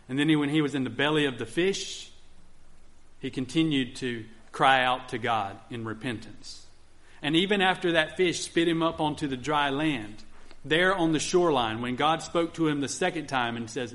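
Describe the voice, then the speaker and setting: A man's voice: medium pitch, a bit bright. A male pastor preaching a sermon on repentance, often acting out pleading first-person prayers to God.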